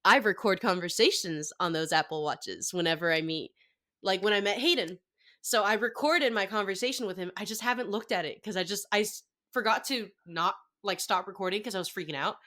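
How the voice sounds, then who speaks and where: A young adult woman chats as a podcast guest, her voice bright and clear. She talks at an ordinary pitch for a woman. She tells her story in an excited, gushing way and keeps dropping "like" between phrases. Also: fairly quick. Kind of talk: casual chat.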